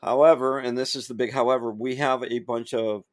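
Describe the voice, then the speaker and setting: A man's voice: medium pitch, steady tone, fairly quick. A man co-hosting a podcast who teaches martial arts, talkative and self-assured in casual chat. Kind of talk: casual banter.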